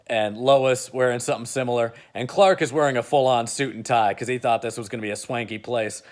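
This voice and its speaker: A man's voice: medium pitch, fairly even intonation, a little fast. Rambling man retelling a story. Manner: rambling, with many fillers and restarts. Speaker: video creator. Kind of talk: casual retelling of a movie rewrite.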